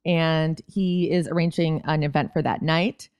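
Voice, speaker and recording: A woman's voice: sits low, fairly even intonation, measured pace, darkish tone, clean tone, dry recording. A woman co-hosting a podcast, recapping a TV episode in casual, wry chat. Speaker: podcast co-host.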